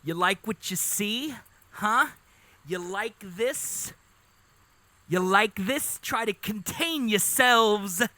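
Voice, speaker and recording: A man's voice: high-pitched, expressive, takes it slowly, pushed and bright, pitched above the performer's own voice, heavily acted. A man voicing a cocky male vulture strutting for the ladies, in a smug, teasing tone.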